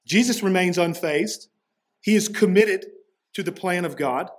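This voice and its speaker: Casual, fairly high-voiced male preacher. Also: measured pace. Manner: casual, conversational preaching with slangy asides. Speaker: pastor. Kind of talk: sermon.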